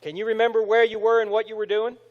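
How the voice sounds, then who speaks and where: Man, 50s, high and lively delivery, speaking to a crowd in a reverberant hall; storyteller who acts out quotes. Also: fast talker, highs cut off. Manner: animated storytelling, acting out quotes. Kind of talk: apologetics talk to a live audience. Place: large room with audience.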